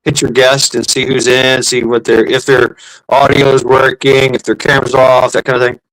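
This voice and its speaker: A man's voice: mid-range voice, level tone, moderate pace, fairly bright tone, dry recording, rough recording. A man co-hosting a casual live stream, rambling and joking with crude humor. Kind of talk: casual chat.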